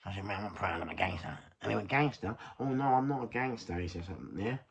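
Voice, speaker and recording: A man's voice: lowish voice, expressive, quick pace, gravelly, husky. An older man with a London accent tells a rambling street story in casual chat, swearing and laughing at himself. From England. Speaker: vlogger.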